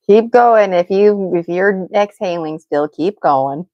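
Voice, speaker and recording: A woman's voice: medium pitch, slow pace, dry recording, lo-fi sound. A woman teaching an unscripted guided vocal exercise, encouraging and laughing often as she draws out vowel sounds. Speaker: voice and breathing teacher.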